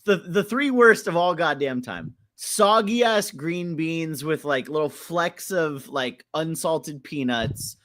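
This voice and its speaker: A young man co-hosting a casual podcast chat, joking and swearing freely. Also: a little high. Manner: animated, joking, profane, quick bursts of laughter. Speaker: podcast co-host.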